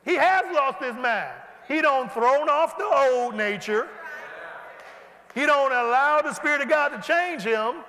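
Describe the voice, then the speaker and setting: Guy preaching a sermon, really high voice, lots of echo from a big church hall. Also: measured pace. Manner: animated, preaching with call-and-response. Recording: hall reverb.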